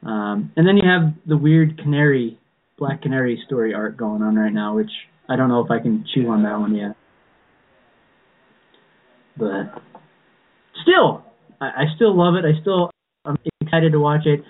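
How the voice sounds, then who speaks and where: A male podcast co-host with a medium-pitched voice talks at a moderate pace with long pauses, the recording tinny and phone-like. In casual fan chat, he rambles with many restarts and plenty of "you know"s.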